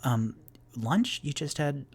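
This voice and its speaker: A man voicing a patient, fretful innkeeper woman who talks gently and hesitantly, stumbling over her words, in a solo tabletop game. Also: on the high side, very animated, slow pace, husky, exaggerated voice.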